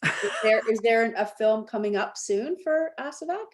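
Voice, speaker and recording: A woman's voice: fairly high pitch, expressive, normal speed, a little hiss or hum. A woman hosting a Q&A over a video call, chatty and enthusiastic. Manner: chatty, enthusiastic, laughs along. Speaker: Q&A host.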